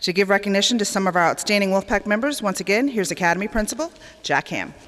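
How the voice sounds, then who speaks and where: A woman's voice: medium pitch, fast, very noisy. A woman emceeing a school graduation, introducing speakers in a light, self-deprecating way. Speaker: ceremony emcee. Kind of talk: ceremony announcing. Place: school graduation ceremony hall. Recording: echoey hall.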